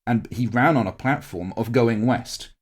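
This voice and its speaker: A man's voice: medium pitch, a little slow. A man co-hosting a podcast, telling a long, heartfelt and rambling story about a live-action roleplay event, full of fillers and restarts. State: tearing up. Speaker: podcast co-host. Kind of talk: casual podcast chat recounting a larp event.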